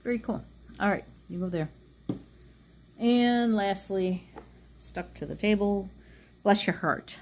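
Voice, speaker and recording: A woman's voice: medium pitch, takes it slowly, pauses often, darkish tone, a little hiss or hum. A woman chatting casually as she reviews nail polish, rambling with frequent ums.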